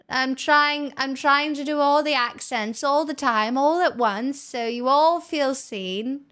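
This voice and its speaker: A woman's voice: sits high, a bit bright. A young Australian woman chatting casually on a live stream, playful and a little dramatic. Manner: playful, self-mocking, dramatic. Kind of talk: casual chat.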